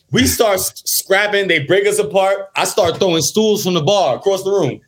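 A man, a rapper, excitedly telling stories in casual chat with frequent laughs. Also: high-pitched, moderate pace, slight background noise. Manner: lively, laughing, excitable storyteller.

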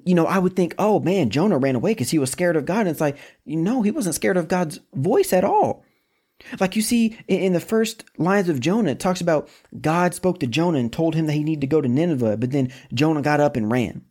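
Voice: medium pitch, darkish tone, husky. A preacher giving a conversational sermon in an informal, casual way, often repeating words and slipping into slang.

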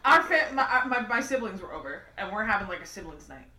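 A woman's voice: medium pitch, a little fast. A woman telling family stories in casual chat, laughing often as she talks. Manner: laughing, animated storytelling. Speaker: storyteller among family. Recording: roomy, distant mic with crowd.

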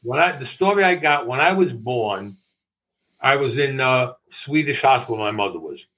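An older man telling stories in an interview, animated, laughing often and swearing freely. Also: mid-range voice, normal speed, dull audio. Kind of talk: storytelling in conversation.

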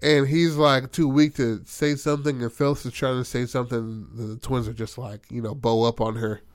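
A man in the middle of a loose, profane retelling of a game session, jumping into the characters' lines as he goes. His pitch sits at an ordinary middle height. The sound is dry and close, with no room echo. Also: flat delivery, moderate pace. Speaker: storyteller recounting a tabletop game. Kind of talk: casual storytelling chat.

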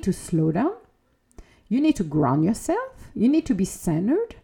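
Woman, podcast host, motivational spiritual monologue, animated, mellow tone, lively swooping pitch. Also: measured pace, vocal fry, slightly rough. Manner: animated, self-talk, acts out quoted voices.

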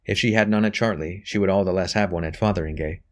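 A man voicing an earnest, guarded young male priest in a storybook reading, speaking in a measured way. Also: low voice, lightly acted.

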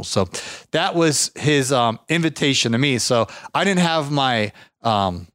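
A man's voice: on the high side, expressive, unhurried, a bit bright, dry recording. Rambling man telling a story. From Ohio. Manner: rambling, many restarts and fillers. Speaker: podcast host, lawn care business owner. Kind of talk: casual storytelling.

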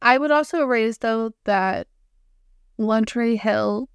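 Chatty young woman, high smooth voice. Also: slow, no room sound, studio quality. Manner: chatty, animated, quotes herself in voices. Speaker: podcast co-host. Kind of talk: casual chat.

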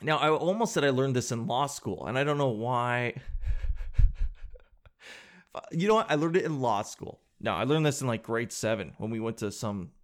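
A man from Canada hosts a podcast in a loose, joking chat. He talks in an animated, slangy way at a medium pitch. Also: moderate pace. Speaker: podcast host.

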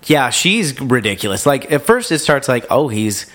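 A man's voice: medium pitch, normal speed. A man co-hosting a casual movie recap podcast, talking in a loose, rambling way. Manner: relaxed, rambling, full of fillers. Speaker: podcast co-host.

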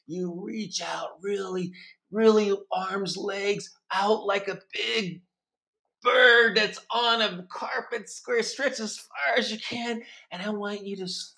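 A man's voice: high voice, noisy background. A man runs a pretend gymnastics class for young children, his voice swinging widely up and down as he coaches. He praises constantly, counts stretches aloud and breaks into bear roars to keep it playful. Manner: animated, encouraging, sing-song counting; cheerful praise and animal roars. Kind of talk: playful kids' class role-play.

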